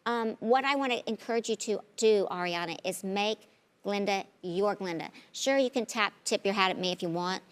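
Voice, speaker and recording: A woman's voice: mid-range voice, normal speed, clear, resonant tone. A woman as a talk show guest, speaking in a gushing, emotional way.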